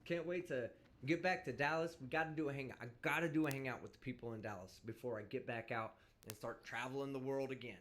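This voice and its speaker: A man's voice: mid-range voice, quick pace, few pauses, a bit bright. A man hosting a live stream, ranting casually and profanely in a brash, vulgar way. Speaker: livestream host. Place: indoors, traveling.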